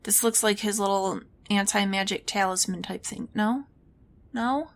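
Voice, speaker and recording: A woman's voice: mid-range voice, a little slow. A woman playing a game and thinking aloud, musing and asking herself questions as she goes. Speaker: let's play gamer. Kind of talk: casual game commentary.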